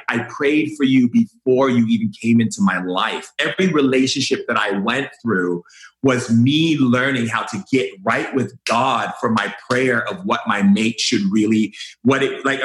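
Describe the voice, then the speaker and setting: A man's voice: mid-range voice, fairly bright tone. Podcast guest, male, gushing and repetitive, recorded with a roomy echo. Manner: effusive, repeats phrases, many fillers. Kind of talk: warm conversational interview.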